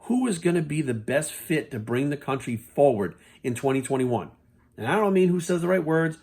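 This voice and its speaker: A man's voice: a little high, expressive, normal speed, a little mellow, husky. Heated, profane man ranting to camera. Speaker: fitness coach vlogging. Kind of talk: unscripted rant to camera.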